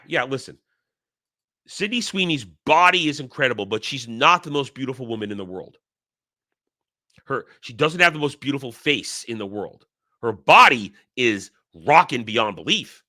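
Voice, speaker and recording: A man's voice: medium pitch, sharp tone. Blunt, crude man ranting. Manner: blunt and crude, with frequent restarts and mocking put-on quotes. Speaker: commentary channel host. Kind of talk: casual opinion rant.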